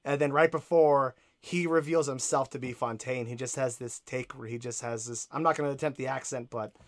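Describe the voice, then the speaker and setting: A man's voice: medium pitch, steady tone, fairly quick. A man co-hosting a casual podcast, eager and rambling, often searching for words. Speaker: podcast co-host.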